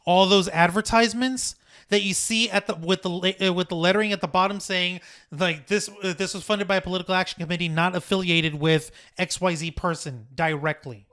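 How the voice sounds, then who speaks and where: A sarcastic, lively man co-hosting a podcast in a loose, chatty way. His voice sits well up in pitch and has a bright, forceful edge. He swears freely as he talks. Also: brisk. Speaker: podcast co-host. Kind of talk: casual chat.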